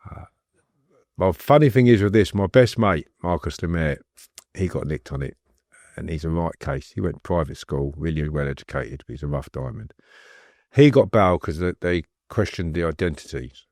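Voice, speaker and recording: In a casual storytelling interview, a middle-aged male guest speaks at a moderate pace in a low, darkish voice. His stories ramble and he laughs through them; the audio is studio quality with no echo.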